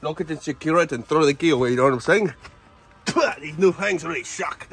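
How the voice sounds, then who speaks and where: A man's voice: fairly high pitch, fairly quick, a bit bright, faint music behind. A man playing a campy fanged male vampire lord with a put-on vampire accent, theatrical and cackling, outdoors on a ranch. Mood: hammy. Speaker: wildlife ranch owner. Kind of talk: comedic in-character vlog.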